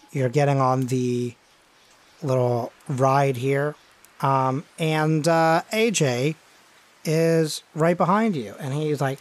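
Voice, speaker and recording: Easygoing game master, slightly high male voice, chatty and rambling. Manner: casual, filler-heavy narration. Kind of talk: narrating a tabletop game.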